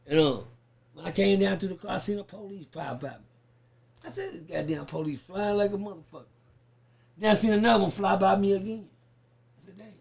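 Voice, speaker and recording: A man's voice: sits high, a little fast, vocal fry, long pauses. A man, a podcast guest telling a profane story in casual chat and acting out the people he quotes. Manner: profane, lively, acts out the voices he quotes.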